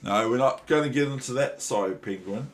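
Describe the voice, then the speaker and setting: A man's voice: medium pitch, fairly quick, poor audio. An older man with a New Zealand accent, a chess teacher rambling casually and chatting to his toys with many ums. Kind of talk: casual vlog chat.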